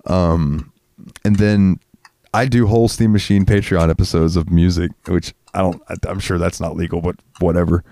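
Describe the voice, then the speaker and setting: A low-voiced man co-hosting a podcast, rambling loosely and crudely and laughing often. He sounds a bit stoned. The recording is dry and close. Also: fairly even intonation, moderate pace, warm tone, no echo. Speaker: podcast co-host. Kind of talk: casual chat.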